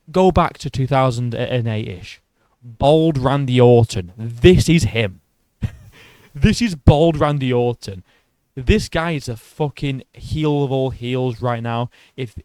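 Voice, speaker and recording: A man's voice: mid-range voice, a little mellow, clean tone, dry recording. Sarcastic man ranting. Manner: profane, sarcastic and mocking. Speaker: MMA video host. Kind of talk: casual opinion rant.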